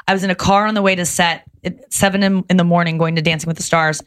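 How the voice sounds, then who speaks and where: A woman in her thirties chatting as a podcast guest, rushing through animated stories. Her voice sits slightly low, and she swears freely as she talks. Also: clear, resonant tone. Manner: animated storytelling with frequent swearing. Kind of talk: casual podcast chat.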